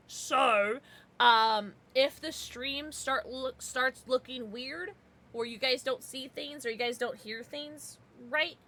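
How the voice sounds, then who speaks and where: A woman's voice: high-pitched, slow, pushed and bright. A woman streaming a video game, chatting casually with her viewers and swearing freely. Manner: chatty, swears freely, talks to chat by name. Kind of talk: casual livestream chat.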